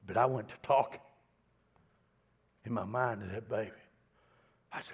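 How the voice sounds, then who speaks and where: A middle-aged man preaching a sermon in a folksy, stammering way, dropping to a hush and then building loud. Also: fairly low pitch, normal speed, breathy edge. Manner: folksy, repeats words, swings from hushed to loud. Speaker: pastor.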